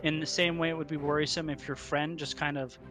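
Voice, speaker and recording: A man runs a tabletop game, narrating hesitantly with many fillers and restarts. His voice is slightly high and bright, with faint music behind him. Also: little pitch movement, quick pace. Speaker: game master.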